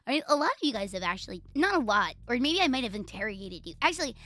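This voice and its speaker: A woman's voice: fairly high pitch, big pitch swings, rapid-fire, a bit bright. Playful, profane Puerto Rican woman streamer. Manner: playful, profane, teasing and self-mocking. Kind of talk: casual live-stream chat.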